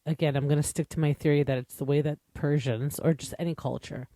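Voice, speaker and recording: A fast-talking man with a fairly high, steady, warm voice hosts a podcast, recorded without echo. He's a native English speaker offering a chatty, opinionated recap loaded with asides and filler words.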